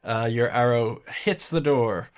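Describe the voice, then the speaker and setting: A man narrating as game master of a tabletop game, explaining rules with a relaxed, chuckling manner. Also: mid-range voice, a little slow.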